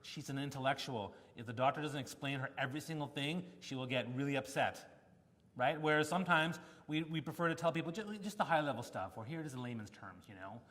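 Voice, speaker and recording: Animated male speaker in a reverberant hall. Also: mid-range voice, quick pace. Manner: animated storytelling with acted-out quotes. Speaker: keynote speaker. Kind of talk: conference talk.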